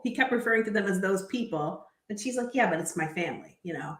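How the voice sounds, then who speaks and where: A woman's voice: mid-range voice, expressive, fast talker, hardly any pauses. A woman co-hosting a casual recap chat, giggly and retelling scenes. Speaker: co-host. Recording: echoey room.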